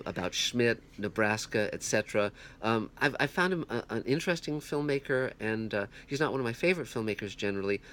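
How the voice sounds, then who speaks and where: Man host, lowish voice, earnest rambling film review, faint hiss behind. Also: fairly bright tone. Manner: halting, many restarts and fillers, earnest. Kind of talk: casual spoken film review. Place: home, puppies heard nearby. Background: puppies growling.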